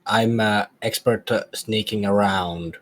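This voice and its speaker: A man playing a calm, stoic sneaking expert who speaks in a halting, measured way. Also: fairly low pitch, close to an everyday voice, rough recording. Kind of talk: tabletop game character voice.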